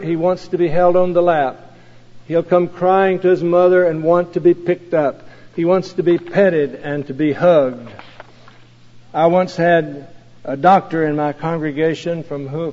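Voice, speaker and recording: Male pastor, earnest measured sermon delivery, slightly high voice, old muffled recording with hall reverb. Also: warm tone. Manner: earnest, measured preaching with slow emphatic phrases.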